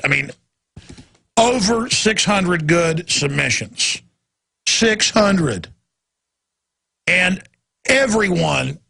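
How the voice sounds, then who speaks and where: Gravelly, forceful talk radio host. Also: male voice, on the high side, no echo. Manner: rambling, emphatic, repeats himself. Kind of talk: unscripted talk radio monologue.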